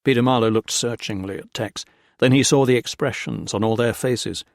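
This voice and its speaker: A man's voice: mid-range voice, moderate pace, creaky, dry recording. Man narrating in a dry, close voice. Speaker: audiobook narrator. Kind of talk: scripted narration.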